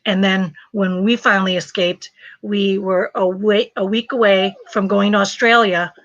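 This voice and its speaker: Bright, laughing woman telling her story. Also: mid-range voice, normal speed, dry recording, lo-fi sound. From refugee from a communist country, raised in the US. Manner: animated storytelling, laughs often, searches for words. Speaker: host. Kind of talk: casual live chat.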